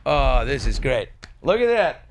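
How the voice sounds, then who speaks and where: A middle-aged man hosting a casual talk show, bantering and telling a joke with loud put-on voices. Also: medium pitch, big pitch swings, a little slow, vocal fry. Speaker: host.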